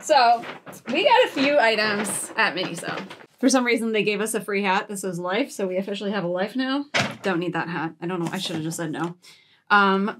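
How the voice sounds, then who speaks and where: A woman's voice: mid-range voice, a bit bright, a little hiss or hum. A woman vlogger chatting casually at home while showing off a shopping haul, giggling and cooing baby talk at her cats.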